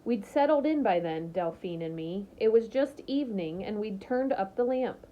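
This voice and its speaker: A woman's voice: medium pitch, animated, moderate pace. A woman reading a novel aloud, narrating steadily and expressively. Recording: slightly muffled lo-fi recording.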